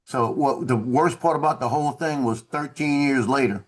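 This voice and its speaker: A man talks over a video call. He tells a story in a relaxed, conversational way. He slips into the voices of the officers he quotes. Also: medium pitch, moderate pace, slightly rough. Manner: animated, acts out quoted officers. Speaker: former Marine telling a story.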